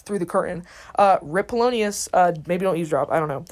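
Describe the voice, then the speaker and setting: A teenage girl giving a quick, slangy, casual retelling of a play for a school assignment, slipping briefly into the characters' voices. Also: on the low side, lively intonation. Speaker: student.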